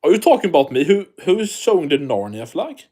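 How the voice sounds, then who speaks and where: Chatty man, higher-pitched voice. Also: sing-song, quick pace, warm tone. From Sweden. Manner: chatty, reads chat aloud, swears freely. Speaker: live-stream host. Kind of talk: casual live-stream commentary.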